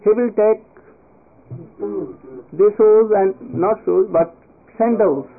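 A man's voice: high voice, slow, creaky. A man giving a devotional discourse, telling a sacred story and prompting listeners to finish his words. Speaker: spiritual teacher. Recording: tinny phone-like audio.

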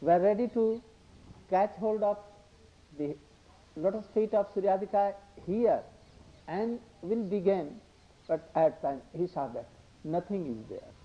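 An older man giving a devotional discourse, halting and repetitive, slipping into Hindi asides. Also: high voice, animated. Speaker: religious speaker. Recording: dull lo-fi recording.

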